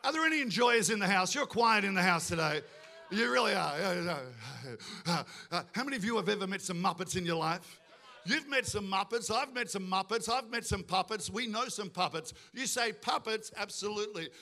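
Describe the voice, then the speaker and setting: Delivering an impassioned sermon, this male pastor throws questions to the congregation and performs the voices of those he quotes. He speaks a little fast in a high, expressive register with a sharp edge.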